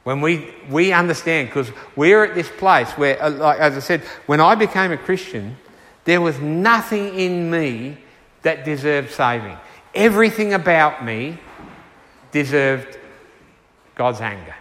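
A man preaching a sermon and taking questions, earnest and unhurried, slowing down to stress key words. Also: fairly high pitch, expressive, a bit bright. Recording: reverberant hall.

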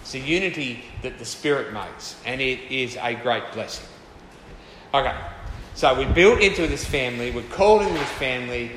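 A man's voice: mid-range voice, moderate pace, a bit bright, slight background noise. An older man preaching a sermon in a loose, conversational way, with asides to the congregation. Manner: conversational, with asides and repeated phrases. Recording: echoey hall with long reverb.

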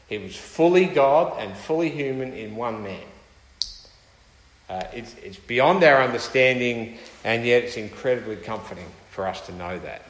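A man's voice: medium pitch, a bit bright. A man preaching a sermon with emphasis, often putting rhetorical questions to his listeners. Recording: echoey hall with long reverb.

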